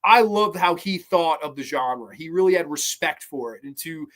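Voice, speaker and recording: A man's voice: fairly high pitch, animated, normal speed, fairly bright tone. A man hosting a podcast, reviewing horror films casually with enthusiastic, rambling talk full of fillers and mock-quoted lines. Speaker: podcast host.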